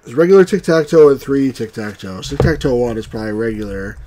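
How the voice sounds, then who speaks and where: A man's voice: mid-range voice, animated, fast talker, background noise. A man hosting a let's-play of old computer games, reading the on-screen text aloud and tossing in wry, grumbling remarks. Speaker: game reviewer and channel host.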